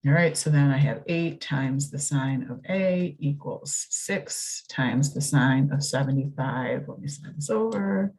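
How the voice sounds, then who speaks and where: A woman's voice: extremely low pitch, measured pace, few pauses, a little mellow, slightly rough. A woman, working through a recorded math lesson, chatty and thinking aloud as she corrects herself. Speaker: math teacher.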